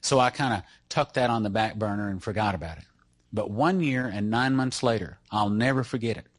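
A man's voice: mid-range voice, no echo, studio quality. A middle-aged man speaking to a church audience, introducing a guest through an earnest personal story. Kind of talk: testimony-style talk to an audience.

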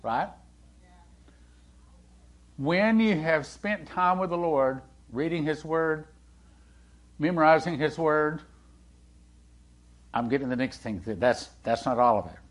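Male preacher, slightly higher pitch, chatty sermon style that quizzes the congregation. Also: unhurried, pauses often. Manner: animated, swings from loud to hushed, acts out quoted dialogue; conversational, asks the congregation questions.

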